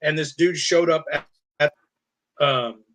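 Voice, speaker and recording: Animated, profane man telling a story. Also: measured pace. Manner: animated storyteller, acts out quotes in a high voice, swears. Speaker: podcast co-host. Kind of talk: casual chat.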